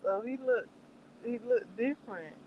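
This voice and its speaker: A woman's voice: a little high, a little slow, dull audio, a little hiss or hum. A woman chatting casually on her livestream, taking her time with each thought. She laughs often and acts out her own reactions, then drifts through fillers as she gathers what to say next. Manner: meandering with many fillers. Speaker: livestream host reviewing a show. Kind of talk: casual chat.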